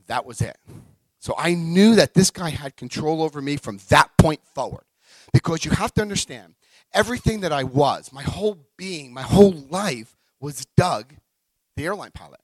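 A middle-aged man giving a personal recovery talk, an animated storyteller who acts out quotes and swings between quiet and loud. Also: a little high, moderate pace, no room sound, rough recording. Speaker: recovery speaker.

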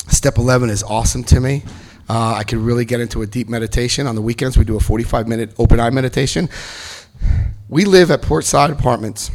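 Middle-aged guy telling his sobriety story to a crowd, does all the voices himself. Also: medium pitch. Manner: animated storyteller acting out quotes. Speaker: speaker sharing recovery story. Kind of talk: personal testimony to an audience.

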